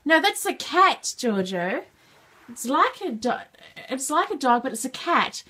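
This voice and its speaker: A woman's voice: high voice, sing-song, a little slow, sharp tone, slightly rough. A woman patiently naming pictures in a book with a toddler, praising each answer. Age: adult. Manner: patient, praising, sing-song. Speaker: parent teaching a toddler.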